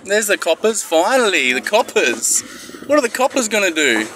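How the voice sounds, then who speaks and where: A man's voice: high-pitched, sing-song, moderate pace, sharp tone, faint music behind. A young Australian man filming on his phone outdoors, ranting in exasperation with heavy swearing. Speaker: bystander filming. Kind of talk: angry phone-video rant. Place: outdoors at a service station. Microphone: phone camera.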